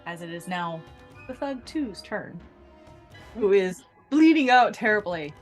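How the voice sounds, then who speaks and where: A woman running a tabletop game as game master, narrating the action lively and jumping into quick character voices. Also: mid-range voice, soft background music.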